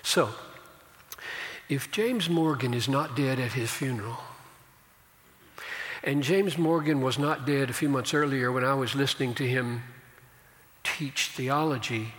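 A man preaching a sermon as a pastor, slow and emphatic, swelling into loud declarations. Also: medium pitch, in a large hall.

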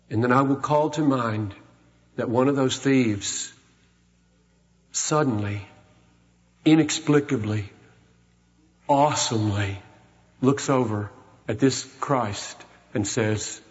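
A man preaching a sermon, moving from hushed, solemn retelling to loud, urgent exhortation. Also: medium pitch, slow, pauses often. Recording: muffled recording with long hall reverb.

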